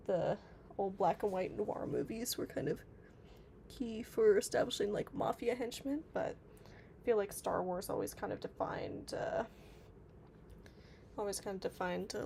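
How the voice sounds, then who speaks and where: A woman's voice: mid-range voice, creaky, darkish tone, a little hiss or hum. A woman streaming live, chatting casually and reading out viewer comments, with lots of filler words. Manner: chatty, reads chat aloud, many fillers. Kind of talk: casual livestream chat.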